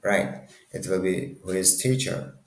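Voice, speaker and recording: Deep gravelly guy teaching a language class, slow and echoey. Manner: halting, many restarts and self-corrections. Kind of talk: casual language lesson.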